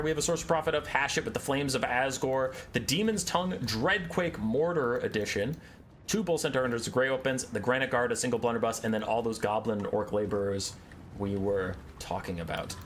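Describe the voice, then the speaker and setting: A man with a mid-range voice gives lively play-by-play commentary on a strategy battle. Faint noise sits under his voice. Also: medium pitch, moderate pace. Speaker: game commentator. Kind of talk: story narration and battle commentary.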